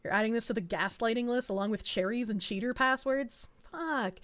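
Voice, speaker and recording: Excitable, high-voiced young woman streamer. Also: brisk. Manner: crude, excitable, laughs often. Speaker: VTuber streamer. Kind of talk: casual reaction stream commentary.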